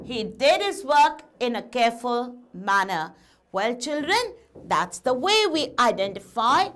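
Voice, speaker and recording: A woman teaching a grammar lesson, speaking slowly and emphatically and putting questions to her students. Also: a little high, sing-song, fairly bright tone.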